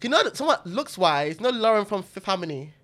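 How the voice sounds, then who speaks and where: A young woman guest on a podcast, telling stories in an animated way and laughing often. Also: mid-range voice, quick pace. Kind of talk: casual chat.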